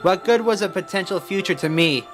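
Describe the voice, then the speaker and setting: Robotic grave man, put on by a male streamer, heavy slow monologue, raised pitch, quiet music. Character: grave man recalling a painful past. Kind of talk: voicing game dialogue.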